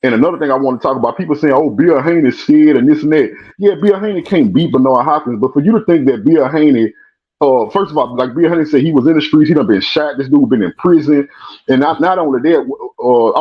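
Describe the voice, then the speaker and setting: Fast-talking husky Louisiana man on a call-in. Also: medium pitch. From Baton Rouge, Louisiana. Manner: emphatic, lecturing. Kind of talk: heated call-in commentary. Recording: muffled husky call-in line.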